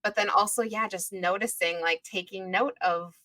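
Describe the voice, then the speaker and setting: A woman's voice: mid-range voice, steady tone, normal speed, bright, forceful tone, no echo. A woman hosting a podcast, chatting in a casual, affirming way with lots of fillers. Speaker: podcast host.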